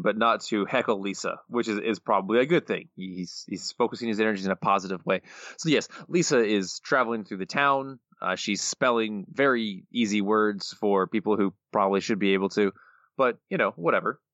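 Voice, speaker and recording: A man's voice: on the low side, a little fast, fairly bright tone, dry recording, dull audio. A man co-hosting a podcast, recapping a cartoon episode in a wry, rambling casual chat. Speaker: podcast co-host.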